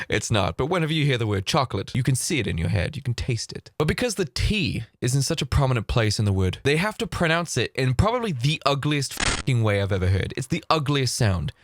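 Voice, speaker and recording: A man's voice: mid-range voice, a little fast. A man ranting sarcastically as the host of a reaction video. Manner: sarcastic, animated, mocking. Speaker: YouTube host reacting to clips.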